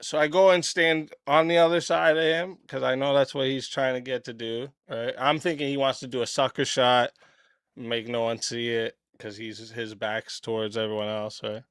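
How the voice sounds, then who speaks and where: A man hosting his channel, telling a story in a blunt, profane, casual way and clearing his throat often. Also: medium pitch, flat delivery, normal speed, a bit bright, no echo, clean studio sound. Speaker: channel host.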